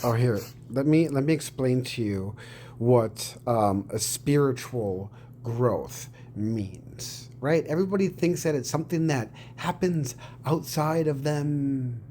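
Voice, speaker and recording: A man's voice: medium pitch, animated, slow, warm tone, a little hiss or hum. A man giving casual reaction commentary on his own clip, rambling and swearing, sometimes explaining things in a mock-preachy tone.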